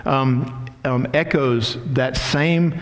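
A man's voice: medium pitch, extremely slow. A middle-aged man pastor giving a sermon, acting out quoted prayers with dramatic emphasis. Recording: long hall reverb.

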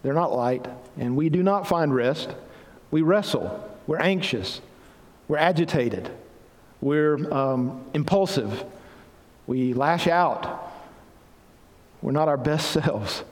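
A man's voice: a little high, animated, slow, long pauses. A man preaching a sermon as pastor, earnest and building to emphatic passages. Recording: reverberant hall.

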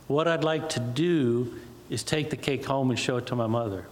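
A man voicing a shy, lonely middle-aged woman who speaks softly and hesitantly, in an echoey hall. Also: medium pitch, moderate pace, voice pushed down, lightly acted. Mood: timid.

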